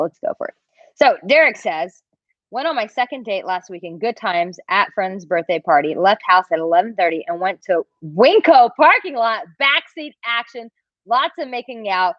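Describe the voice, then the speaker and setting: A woman's voice: on the low side, no room sound, muffled recording. Chatty woman dating coach on a livestream. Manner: animated, chatty, reads viewer comments aloud. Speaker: dating coach answering live chat questions. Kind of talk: casual livestream Q&A.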